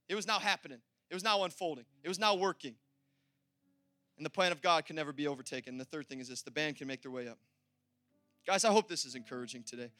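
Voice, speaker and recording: A man preaching a sermon in an energetic, conversational way, laughing and repeating himself as he talks to the congregation. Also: sits high, no room sound. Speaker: pastor.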